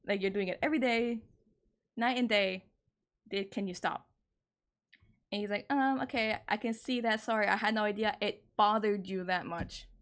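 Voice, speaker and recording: A woman in her twenties streaming from home, telling a personal story in casual chat, candid and exasperated, swearing freely and jumping up in pitch when indignant. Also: normal speed, pauses often.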